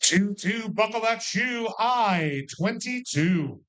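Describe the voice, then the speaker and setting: A man calling bingo numbers with playful rhymes and jokes, repeating each number slowly. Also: high voice, animated, fairly bright tone. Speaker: bingo caller.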